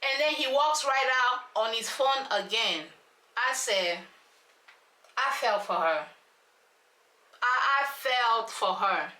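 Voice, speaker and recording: A woman, ranting through an animated, slangy recap of a reality show with lots of rhetorical questions. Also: a little high, slow, long pauses. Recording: echoey room.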